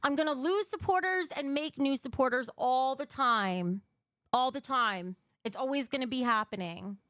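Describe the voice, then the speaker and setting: A woman's voice: high-pitched, normal speed, fairly bright tone, clear, resonant tone, no room sound, studio quality. A young woman hosting a livestream, talking bluntly and emotionally, swearing freely while answering her chat. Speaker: livestream host.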